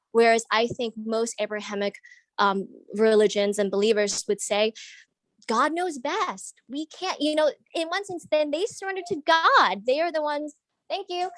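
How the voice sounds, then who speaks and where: A woman's voice: on the high side, moderate pace, dry recording, rough recording. A woman earnestly asking a long question in an online group discussion, thinking aloud with restarts as she searches for words. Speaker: audience member asking a question.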